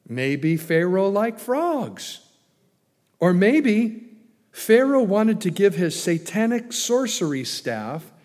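A man's voice: sits high, a little mellow. A man preaching a sermon as a pastor, emphatic, with many rhetorical questions. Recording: long hall reverb.

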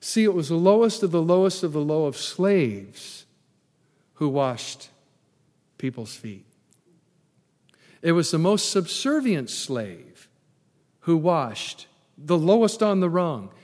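A male pastor preaches in a chatty, down-to-earth way and drops in humorous asides. His voice sits a bit high for a man. The sound carries a long reverb, as in a large church hall. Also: big pitch swings, slow, pauses often, darkish tone. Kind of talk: sermon.

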